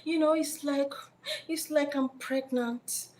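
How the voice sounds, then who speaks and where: An excited young girlfriend announces a pregnancy in a giddy, pleading voice, as a woman puts her on. The pitch sits very high and the delivery stays soft. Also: slow pace, slight background noise.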